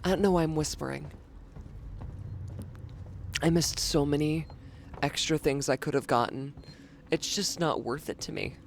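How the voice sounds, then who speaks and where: A streamer giving live gameplay commentary, excitable, swearing often and talking to chat. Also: mid-range voice, unhurried, vocal fry, long pauses, a little hiss or hum.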